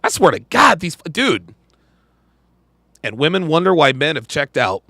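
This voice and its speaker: Male podcast host, high animated pitch, bright tense tone, profane emphatic reaction commentary. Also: measured pace, no room sound. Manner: profane, emphatic, repeats lines.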